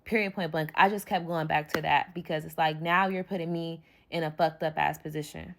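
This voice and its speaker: A young woman telling a story in a vlog, heated and profane, full of "like" and quick asides. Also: low voice, fairly even intonation, vocal fry, slight background noise.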